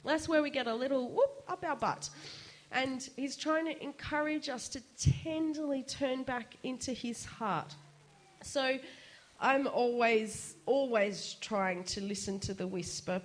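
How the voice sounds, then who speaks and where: High-pitched lady preaching, chatty and lively, laughs a lot, pops up for the quoted bits. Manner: chatty and animated, voice jumps up for quoted asides, laughs often. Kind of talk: casual sermon.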